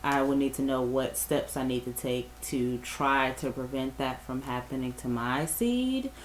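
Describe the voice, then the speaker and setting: A woman co-hosting a podcast, talking in an earnest, deliberate way and laughing easily. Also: extremely low pitch, slight background noise. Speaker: podcast co-host. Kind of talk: casual podcast chat.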